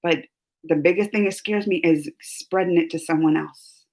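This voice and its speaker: Speaking at normal speed in a slightly mellow, lowish voice, a married woman with a family hosts a reaction stream. She reads live chat and talks casually with viewers, growing emotional and teary while laughing between worries.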